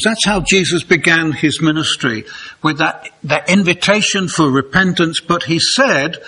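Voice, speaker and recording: Man, from England, conversational sermon, husky, fairly high voice. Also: measured pace, bright, forceful tone. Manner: conversational, chatty, asks the congregation questions. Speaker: preacher.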